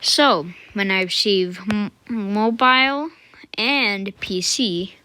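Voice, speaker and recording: Slow-talking casual woman tutorial maker. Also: medium pitch. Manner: unhurried, thinking aloud with fillers and self-corrections; mutters quiet asides to herself. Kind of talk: casual screen-recorded coding tutorial.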